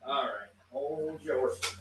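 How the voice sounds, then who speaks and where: A man's voice: medium pitch, steady tone, slow pace, slight background noise, low-quality recording. A man hosting a casual chat, laid-back, giving short replies and steering the talk.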